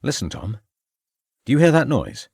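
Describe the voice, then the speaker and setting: A man's voice: mid-range voice, big pitch swings, normal speed, gravelly, a little mellow, husky, dry recording, clean studio sound, pitched above the performer's own voice, heavily acted. A man voicing a formal, insistent police inspector in a crime audiobook. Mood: probing. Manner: formal, precise, insistent questioning. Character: sharp, probing male police inspector.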